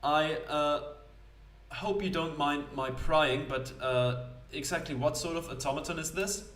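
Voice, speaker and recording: A man voicing a sharp-tongued young woman investigator with a British accent and a wry, dry manner. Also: fairly high pitch, measured pace, roomy sound, far from the mic.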